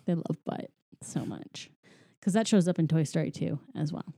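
Woman, casual movie recap, rambling, mellow tone, dry close sound. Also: deep voice, normal speed, breathy edge, no room sound. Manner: rambling, filler-heavy storytelling with frequent laughs.

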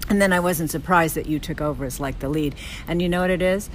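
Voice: medium pitch, fast talker, background noise. A travel host narrating a cruise trip and interviewing a performer, eager and gushing with praise. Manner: enthusiastic, gushing, rambling.

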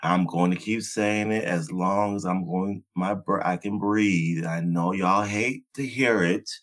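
Blunt, low-voiced male podcast co-host. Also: a little slow. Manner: emphatic, blunt, swears freely. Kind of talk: casual podcast chat.

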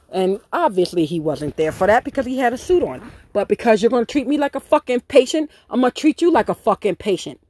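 A woman hosting a podcast, telling a story in a blunt, profane, animated way with acted-out quotes. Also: fairly high pitch, fast talker, hardly any pauses, no room sound, clean studio sound. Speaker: podcast host. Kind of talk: casual storytelling monologue.

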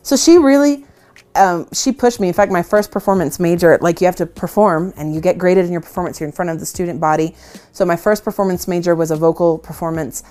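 This worship leader's voice is on the low side, warm and brisk. Chatting in a casual interview, she tells stories poking fun at herself and laughs a lot.

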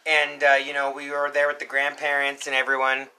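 A young man co-hosting a podcast, telling a story in a casual, animated way, acting out shouts and quotes. He coughs now and then. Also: mid-range voice, a little fast, rough recording. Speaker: podcast co-host.

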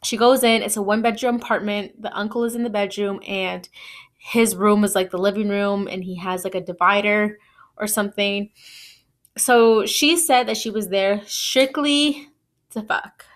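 A woman's voice: medium pitch, fairly even intonation, normal speed. A woman in her twenties hosting a podcast, telling a personal story in a chatty way, full of "like" and "you know". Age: 20s. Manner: chatty, lots of "like" and "you know", laughs at herself. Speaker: podcast host. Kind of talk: casual storytelling.

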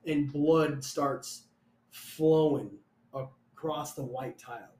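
Young guy cussing through a story, kinda high voice, echoey room. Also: slow pace. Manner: profane, animated, acts out quotes loudly. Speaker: storyteller guest. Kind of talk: casual storytelling chat.

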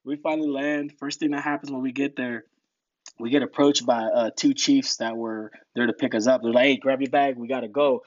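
A man telling war stories in a casual podcast interview, animated and laughing, acting out other people's lines in a raised voice. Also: fairly quick, no echo. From United States. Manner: animated storyteller, acts out quotes in high voices, laughs often. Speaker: guest. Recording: dull lo-fi podcast audio.

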